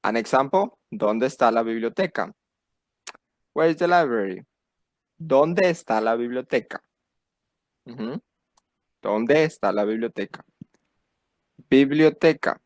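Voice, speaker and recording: A man's voice: mid-range voice, lively intonation, normal speed, pauses often, no room sound. A man teaching a beginner lesson, patiently repeating phrases for learners to copy. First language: Spanish. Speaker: Spanish teacher. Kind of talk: slow beginner language lesson.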